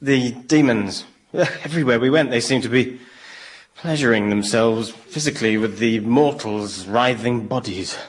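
A man's voice: medium pitch, a little slow, close to an everyday voice. An actor playing a prim, stern male angel in a radio comedy, talking dryly and accusingly.

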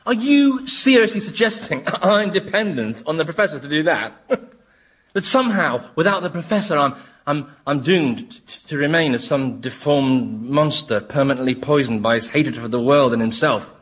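Brief: a fawning, giggly demon lackey, high and bouncy, for radio comedy. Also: male voice, animated, moderate pace, fairly bright tone. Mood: defiant. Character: bumbling shape-shifting male demon servant.

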